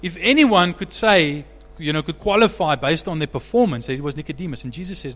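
A man preaching a sermon as pastor, animated, rising to loud emphatic peaks. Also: fairly high pitch, brisk, hardly any pauses, in a large hall.

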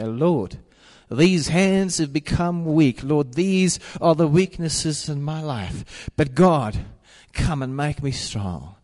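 Emphatic preaching man in echoing hall. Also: medium pitch. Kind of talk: sermon.

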